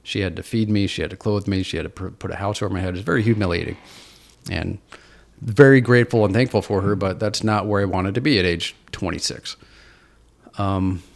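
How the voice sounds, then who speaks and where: Low, gravelly-voiced man telling his story. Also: fairly quick. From Seattle, USA. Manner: earnest, self-deprecating, reflective. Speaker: podcast guest. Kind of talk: candid personal storytelling.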